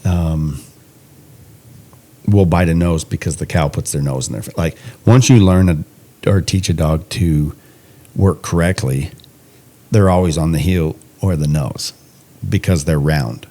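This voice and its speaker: A man's voice: very deep voice, measured pace, long pauses, mellow. A man co-hosting a podcast, chatting casually and joking with frequent laughs. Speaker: podcast co-host. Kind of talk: casual chat. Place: indoors podcast recording.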